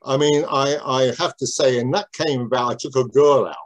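A man's voice: mid-range voice, steady tone, brisk. Older man recalling his business start, rambling. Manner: rambling, digressive, many restarts. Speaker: interviewee, businessman. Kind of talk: reminiscing interview answers.

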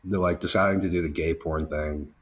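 A deep-voiced man speaks fairly quickly with a fairly even intonation, on a recording with the highs cut off and a little hiss or hum. As an interview guest, he tells his story casually, swearing a lot and leaning on filler words. He acts out the people he quotes, his voice jumping up when things get heated.

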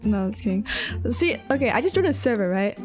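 A woman giving casual, excitable commentary over her own gameplay, laughing and exclaiming often. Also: medium pitch, fast talker, over music. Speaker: gaming YouTuber.

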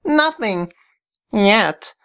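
A woman's voice: mid-range voice, lively intonation, drawn-out words, a bit bright, voice pushed up, exaggerated voice. A woman voicing a scheming male villain who sets silly challenges, in a teasing, gleeful comedy skit.

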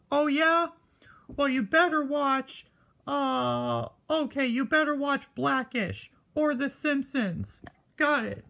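A woman's voice: sits high, a bit bright. A woman improvising a rambling skit with stuffed animals, switching between characters and chuckling. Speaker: puppeteer voicing stuffed animals.

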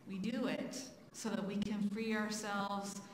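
Woman pastor, sermon, slow and earnest, roomy church sound, long reverb. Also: mid-range voice, level tone, a little hiss or hum. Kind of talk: sermon reflection and prayer. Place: church sanctuary.

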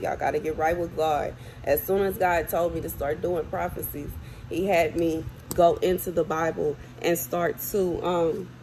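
A woman's voice: lowish voice, darkish tone, slight background noise, rough recording. A woman crying as she urgently warns her viewers, repeating phrases over and over. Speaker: self-described prophet. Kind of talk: tearful warning to viewers. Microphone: phone or camera close up.

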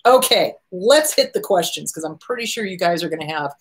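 Speaking a little fast in an animated, low-leaning voice, a middle-aged woman fields viewer questions on her relationship advice show. She stresses her points forcefully, returning to the same key phrases.

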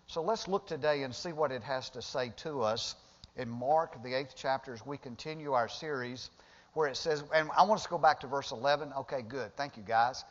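A man's voice: mid-range voice, brisk. A male pastor preaching a sermon in a church sanctuary, talking conversationally and rising to emphatic bursts when he retells the story. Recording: dull lo-fi sound with long hall reverb.

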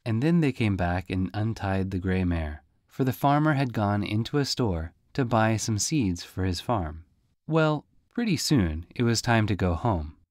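A man narrating a storybook audiobook in a lively, folksy way. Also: lowish voice, measured pace, no room sound, clean studio sound. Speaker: audiobook reader.

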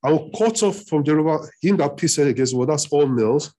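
Husky guy preaching, fairly high voice, gets loud and pushy when he drives a point home. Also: animated, fast talker. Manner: emphatic preaching, rising in pitch on key points, repeats phrases. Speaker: pastor. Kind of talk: sermon. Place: church hall.

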